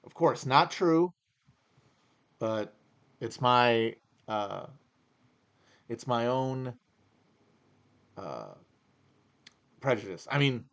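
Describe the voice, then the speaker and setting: A man's voice: medium pitch, big pitch swings, very slow, creaky, pauses often, a bit bright. A man hosting a livestream Q&A from his home region in the upper Midwest, talking in a rambling, wry, opinionated way with many restarts. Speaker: podcast host. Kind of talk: livestream Q&A chat.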